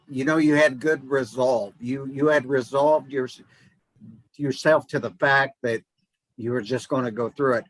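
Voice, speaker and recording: A man's voice: mid-range voice, fairly bright tone, no echo, low-quality recording. Male host, chatty and encouraging, dry close sound. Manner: conversational, encouraging. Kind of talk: casual interview.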